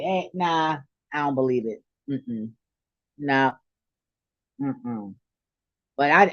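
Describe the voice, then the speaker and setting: A woman's voice: a bass voice, slightly rough, dry recording. A middle-aged woman vlogging in a hyped, profane, laughing casual monologue. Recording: dull, dry lo-fi recording.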